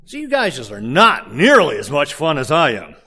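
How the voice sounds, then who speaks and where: A man preaching a sermon, telling stories in an animated way and joking with the congregation. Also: fairly high pitch, moderate pace, breathy edge. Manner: animated storytelling with jokes to the congregation. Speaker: pastor.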